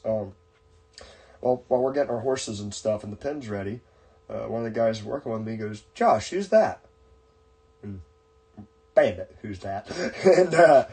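A man with a mid-range voice tells a long story in relaxed podcast chat. He rambles and circles back, with lots of "uh" and "like" and restarted sentences. His tone stays easygoing and conversational. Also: mid-range voice. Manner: rambling, with many fillers and restarts. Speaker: podcast host.

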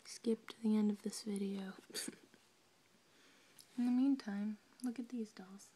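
A woman chatting casually and excitedly, giggling and drifting into soft whispers. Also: medium pitch, slow, husky. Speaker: doll maker vlogger. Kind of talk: casual chat.

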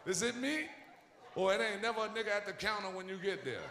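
A male stand-up comedian telling stories loudly and brashly on a live stage. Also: sits high, lively intonation, quick pace, creaky. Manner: loud, brash, profane storytelling. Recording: echoey hall with crowd noise.

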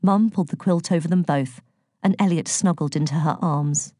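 A woman narrating an audiobook in a calm, gentle storytelling manner. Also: sits low, moderate pace, breathy edge, dry recording, studio quality. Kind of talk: scripted narration.

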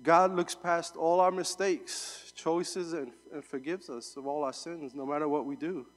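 A young man delivers a sermon as a guest speaker, chatting through a personal story with plenty of ums and restarts. His voice sits a bit high. The sound rings out with the long reverb of a large hall. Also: fairly even intonation, a little slow. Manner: conversational storytelling with fillers. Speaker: guest preacher.

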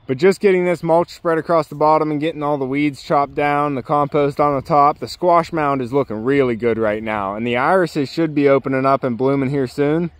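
A relaxed man strolls through his garden and talks it through in a loose, chatty way. His voice sits a little high for a man. The sound is close and dry. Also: no echo. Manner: easygoing, chatty, jokes and breaks off to talk to his dogs. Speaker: homesteader showing his garden. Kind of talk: casual walking garden tour. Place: outdoors in a yard garden.

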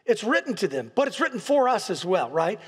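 A pastor preaching a sermon in a large church hall, telling stories with restarts and repeated words and building to impassioned peaks. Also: male voice, high voice, sing-song, a little fast, fairly bright tone, breathy edge. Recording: long hall reverb.

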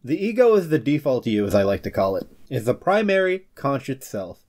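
A man's voice: medium pitch, big pitch swings, a little mellow. Playful man hosting a scripted explainer. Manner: playful, breaks into quick comic character voices. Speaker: host of a personality-psychology channel. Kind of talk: scripted explainer with joking asides.

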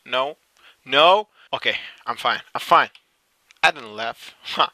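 A young man streams himself reacting to clips, giving casual commentary, swearing often, and insisting he is not laughing while giggling. His voice is mid-range with a measured pace. Background noise is audible.

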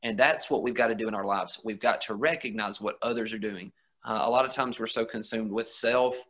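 A man's voice: lowish voice, fairly even intonation, fairly quick, fairly bright tone. A young man, a minister, giving a conversational Bible lesson and reading scripture aloud with earnest emphasis. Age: young adult.

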